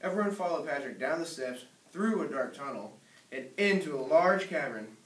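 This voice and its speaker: A man reads a children's picture book aloud, gentle and storytelling, his voice a touch high for a man. The sound is roomy, with the mic some distance from him. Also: animated, moderate pace. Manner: gentle storytelling, small slips. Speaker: reader. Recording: echoey room, distant mic.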